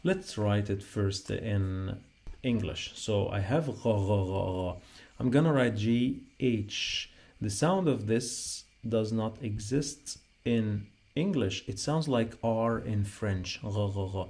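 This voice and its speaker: Slow gravelly-voiced male teacher. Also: on the low side, darkish tone. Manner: repeats sounds patiently, spells them out while writing. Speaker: Arabic teacher. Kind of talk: slow spoken writing lesson.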